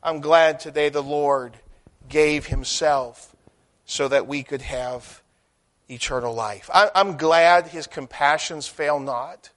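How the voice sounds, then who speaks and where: A man with a high, ringing voice preaches a sermon. He presses hard on key words, then falls soft and low, often repeating a phrase as he gathers force. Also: slow pace. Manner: emphatic preaching with swells and drops in loudness, repeating phrases.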